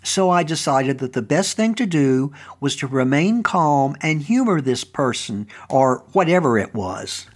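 A man narrating a first-person story as the host of his own show, with a fairly high-pitched voice. He tells it in an earnest, conversational manner. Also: sing-song, measured pace, hardly any pauses. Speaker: storytelling host and historical reenactor.

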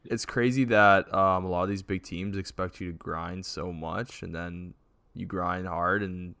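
A man's voice: low voice, fairly even intonation, measured pace, sharp tone, clean tone, dry recording. A man hosting a podcast in a laid-back, slangy way, laughing often. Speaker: podcast host. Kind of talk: casual podcast chat.

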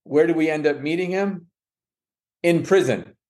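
A man's voice: fairly high pitch, moderate pace. A man, a guest on a podcast, telling a long personal story and acting out what others said, with frequent restarts and self-corrections. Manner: lively, quotes others with "she goes" and "I said". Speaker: guest, adoptive father.

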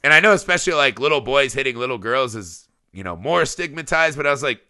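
A man in his thirties co-hosting a casual movie podcast, animated and profane, acting out quotes with big jumps in his voice. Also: medium pitch, fast, dry recording, studio quality. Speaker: podcast co-host.

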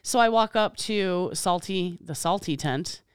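Woman podcast co-host, lowish smooth voice, chatty storyteller, dry close mic. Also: lively intonation, measured pace, dry recording. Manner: chatty storyteller, laughs often. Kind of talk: casual chat.

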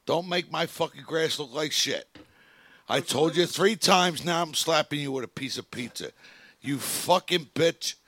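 A man improvising an enraged, sweaty husband who yells and curses in a comic bit. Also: on the high side, unhurried, no echo, exaggerated voice. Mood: scolding. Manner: shouting, profane, scolding. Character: enraged sweaty husband yelling over pizza.

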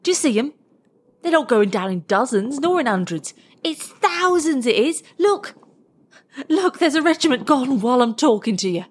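An excitable male British soldier shouts from his trench, as a woman puts him on, his voice pitched high and jumping wildly. He talks in rough, everyday words, all exclamations. It is a figure in a read-aloud war story. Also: moderate pace, full character voice. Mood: astonished, elated.

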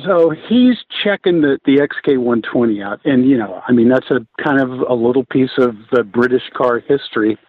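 A man talking as a guest, telling relaxed stories with frequent restarts. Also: medium pitch, moderate pace, few pauses, no room sound. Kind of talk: casual storytelling interview. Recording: tinny phone line, husky and dry.

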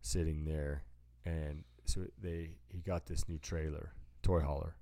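A man's voice: a bass voice, little pitch movement, a little slow, warm tone, dry recording. A man co-hosting a podcast in casual chat, rambling through stories and acting out what people said. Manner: rambling storyteller, acts out quotes, says "dude". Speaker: podcast co-host.

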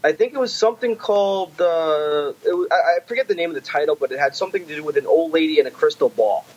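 A man hosting a podcast in casual, animated, rambling chat, swearing freely. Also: a little high, quick pace, slightly rough, muffled recording. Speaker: podcast host.

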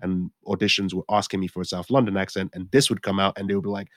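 In clean, dry studio sound, a Nigerian man in his forties, an actor being interviewed, recounts his life in a low, level voice at a quick pace with few pauses. His storytelling wanders, full of restarts and self-corrections, and he voices his past thoughts aloud.

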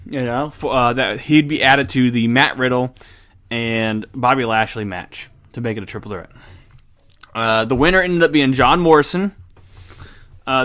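A man hosting a casual podcast, bluntly reviewing a beer and recapping wrestling, excitable, swearing and laughing often, with many restarts. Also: medium pitch. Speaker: podcast host.

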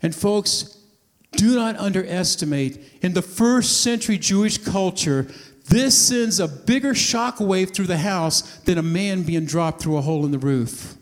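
A man's voice: high voice, animated, measured pace, big-room sound. A man preaching a sermon, retelling a scene as a story and acting out the voices of the people in it. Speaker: pastor.

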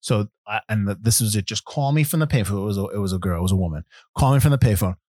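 A man's voice: on the low side, racing, no echo, clean studio sound. A man hosting a podcast in a casual film chat, telling stories with many restarts. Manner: rambling, animated storyteller with many restarts. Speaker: podcast host.

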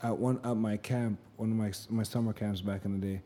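A man co-hosting a casual podcast, telling animated stories and acting out the quotes in them. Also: fairly low pitch, brisk. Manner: animated storyteller, acts out quotes. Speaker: podcast co-host.

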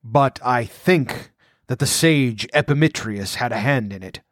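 A wounded barbarian king, gruff and wrathful, as a man reading a storybook puts him on. He talks in a forceful growl. The recording is dry and close. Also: medium pitch, unhurried, no room sound, natural voice. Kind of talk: audiobook character voice.

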